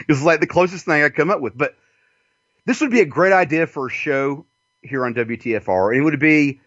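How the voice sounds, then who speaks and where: A man's voice: fairly high pitch, moderate pace, pauses often, fairly bright tone, dry recording. A man with a Southern US accent hosting a radio show, rambling through a profane comic monologue and laughing often. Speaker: radio host. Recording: dull lo-fi dry sound.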